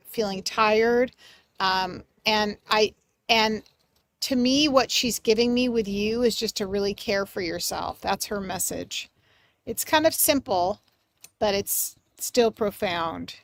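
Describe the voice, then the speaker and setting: A woman hosting a live mediumship reading for her chat, gentle and reassuring, searching for words with many pauses and fillers. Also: fairly high pitch. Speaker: medium and livestream host.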